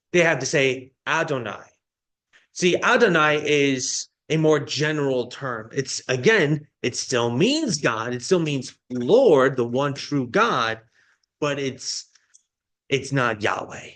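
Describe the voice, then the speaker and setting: A man's voice: medium pitch, expressive, slow, a bit bright. A male pastor delivering a sermon, explaining a Bible passage in a teaching manner with frequent restarts.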